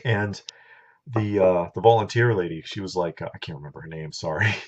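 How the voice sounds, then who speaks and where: A man's voice: sits low, a little fast, husky. A middle-aged man telling a story in a casual, blunt, opinionated monologue, talking straight to his viewers. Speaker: vlogger. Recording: dull lo-fi recording.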